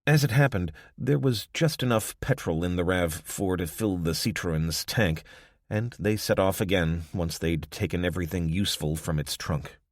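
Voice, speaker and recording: A man narrates a survival thriller with steady, measured storytelling. His voice sits low, and the recording is dry and close with no room around it. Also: no room sound. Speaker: audiobook narrator. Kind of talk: scripted narration.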